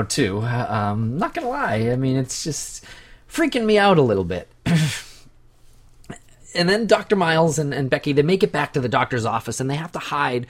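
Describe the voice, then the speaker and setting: A male podcast host joking his way through a movie with playful mock panic. His pitch swings widely as he talks. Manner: jokey, mock-panicked, animated. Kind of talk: casual movie commentary chat.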